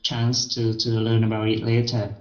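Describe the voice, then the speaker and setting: A man's voice: on the low side, completely flat delivery, normal speed, a crowd in the background. A male student reading a passage aloud and asking questions hesitantly, restarting his words. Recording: dull, roomy sound.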